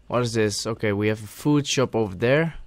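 A gaming channel host talks to himself through a let's play, now and then erupting into loud, excited shouts. His voice sits on the low side and moves fairly quickly.

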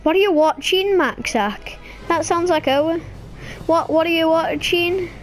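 A very high, piping female voice chats through a video game session. Her talk is casual and excitable, and it keeps jumping up into sudden squeals. Faint music plays underneath. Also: measured pace. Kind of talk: casual gameplay commentary.

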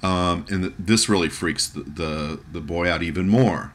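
A man giving a music lecture, talking in a halting way with many fillers and restarts as he reads and translates a German poem. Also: deep voice, fairly bright tone. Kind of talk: recorded lecture.

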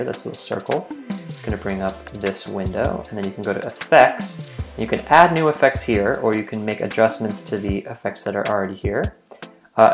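A man teaching a software tutorial in a studio, explaining in a relaxed, friendly way with small fillers. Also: on the low side. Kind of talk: tutorial demonstration. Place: recording studio. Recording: echoey room with faint music.

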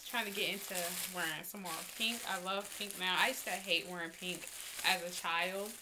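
A woman vlogger talking casually and excitedly to her viewers as she unboxes and tries on a small clothing haul. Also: fairly low pitch, moderate pace, noisy background. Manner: chatty and excitable, talks straight to viewers.

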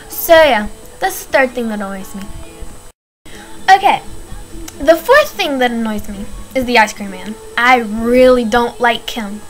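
A woman's voice: a little high, lively intonation, a little slow, a bit bright, soft background music, rough recording. A teenage girl ranting casually in a vlog, chatty and exasperated, full of "like". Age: teens. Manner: chatty, filler-heavy, exasperated. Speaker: vlogger.

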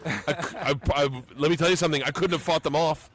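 A man's voice: a little high, fast talker, dry recording. A middle-aged male comedian hosting a podcast, telling profane stories and acting out quotes in a loose, casual way. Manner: profane, animated storytelling with acted-out quotes.

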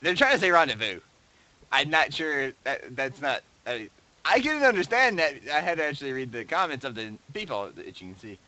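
A man casually reading and joking about viewer posts, laughing often and swinging between loud outbursts and mumbles, close to his desk mic. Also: fairly high pitch, sing-song, brisk, low-quality recording. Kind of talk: casual commentary. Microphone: desk mic right beside him.

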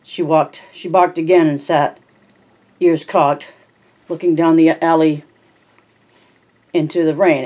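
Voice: medium pitch, a little mellow. Amateur reader narrating a novel with slips. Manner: reads with slips and self-corrections. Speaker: audiobook reader.

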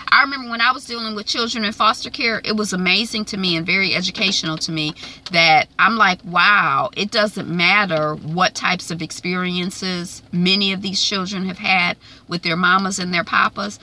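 Woman vlogger, casual TV recap, animated and slangy, piercingly bright voice. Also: lowish voice, moderate pace, slight background noise, rough recording. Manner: animated retelling, chatty with frequent "um" and "like"; slangy, opinionated asides. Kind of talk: casual episode recap and review.

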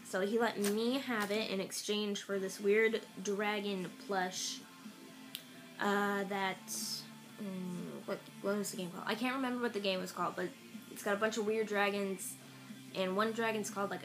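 A woman's voice: medium pitch, fairly even intonation, normal speed, rough recording. A young woman rambling casually through a haul video, recorded on an iPad. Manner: rambling and offhand, with fillers. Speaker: vlogger. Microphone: iPad camera. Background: faint music from a radio.

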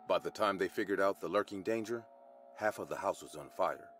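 Deep-voiced man narrating a horror story. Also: a little fast, slight background noise. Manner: expressive storytelling.

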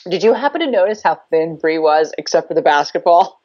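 A woman's voice: sits low, animated, a little fast, darkish tone, dull audio. A woman co-hosting a casual show recap, tossing in wry quips and blunt asides. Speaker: podcast co-host.

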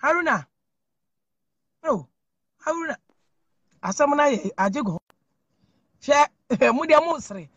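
A person from Ghana with a Ghanaian accent, giving animated commentary to viewers, emphatic and repetitive, mixing Twi and English. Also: sits high, slow pace, pauses often, no room sound, muffled recording. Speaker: online commentator.

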